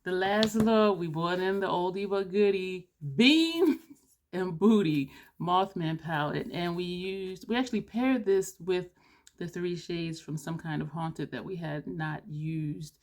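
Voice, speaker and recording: A woman beauty vlogger chatting excitedly to camera, loud and playful, dropping "y'all" and the odd curse. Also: lowish voice, a little slow. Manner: loud, excitable, says she is yelling; drawling, southern-style "y'all" chatter, playful cursing. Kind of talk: excited casual chat to camera.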